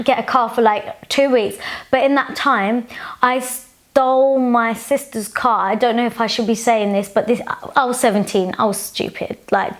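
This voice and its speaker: A woman in her twenties answering viewer questions in a casual, frank, chatty vlog. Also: a little high. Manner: chatty and frank, with sassy asides.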